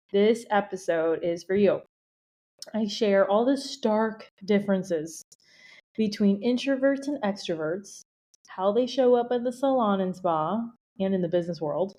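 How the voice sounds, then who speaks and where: A woman's voice: medium pitch, darkish tone. Chatty, playful woman podcast host. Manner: chatty and playful, with frequent "you know" and "like" fillers. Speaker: podcast host and business coach. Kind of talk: casual solo podcast talk.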